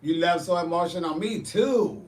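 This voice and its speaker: A man with a higher-than-usual voice, chatting casually with viewers as a drag performer and show host. He tells animated, profane stories, and he sits back from the mic in a roomy space. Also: moderate pace, far from the mic. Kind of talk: casual chat answering viewers.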